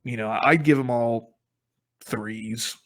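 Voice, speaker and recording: A man's voice: mid-range voice, takes it slowly. Rambling casual man reviewing comics. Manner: rambling, many fillers and restarts. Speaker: podcast co-host.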